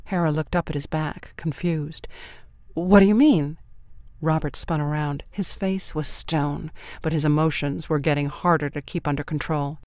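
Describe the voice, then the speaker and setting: A man reading the narration of a novel in an even, steady storytelling way. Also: on the high side, normal speed, few pauses, smooth, no room sound, studio quality. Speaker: audiobook narrator. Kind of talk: scripted narration.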